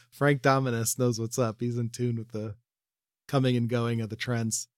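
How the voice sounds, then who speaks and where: A man's voice: medium pitch, level tone, normal speed, no echo, studio quality. A man co-hosting a podcast, chatting loosely about a TV show, laughing often and swearing. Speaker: podcast co-host. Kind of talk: casual chat recapping a TV episode.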